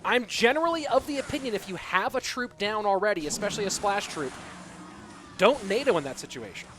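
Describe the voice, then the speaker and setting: This esports caster, an American man with a high, animated voice, talks a little fast over a noisy background. He provides live tournament commentary and, between plays, reads viewer chat and banters back.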